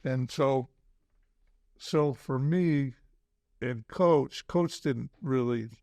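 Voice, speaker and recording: Casting: older man, gravelly voice, dry close mic, halting reflective interview guest. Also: medium pitch, darkish tone, no room sound. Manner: halting, many restarts and "you know". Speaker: podcast guest, former basketball coach. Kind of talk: casual interview chat.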